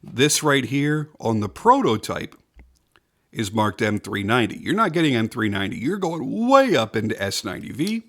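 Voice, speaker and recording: A man's voice: medium pitch, big pitch swings, moderate pace, fairly bright tone. Man giving an emphatic knife review. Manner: enthusiastic, emphatic, repeats points for stress. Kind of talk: casual product review.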